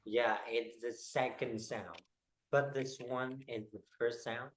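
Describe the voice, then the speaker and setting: Slow, halting male English teacher. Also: mid-range voice, fairly even intonation, fairly bright tone, poor audio. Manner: halting, explains slowly with many fillers. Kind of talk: one-on-one pronunciation lesson.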